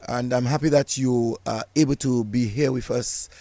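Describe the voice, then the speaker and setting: A man hosts a studio radio interview in a gravelly voice at a middle pitch. He stammers and repeats words as he gets his questions going. His voice sits dry and close to the mic. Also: steady tone, normal speed, mellow, no room sound. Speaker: radio host.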